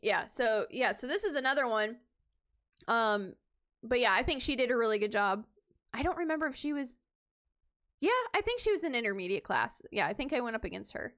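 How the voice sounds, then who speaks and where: A woman's voice: on the high side, animated, fairly quick, fairly bright tone. A woman cosplayer chatting casually on her stream, rambling, with many fillers and restarts.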